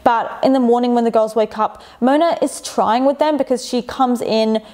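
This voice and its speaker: A woman's voice: fairly high pitch, steady tone, normal speed, a little mellow. Chatty, opinionated woman vlogger. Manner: chatty and opinionated, with rhetorical questions. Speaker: YouTube commentator. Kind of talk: casual commentary vlog.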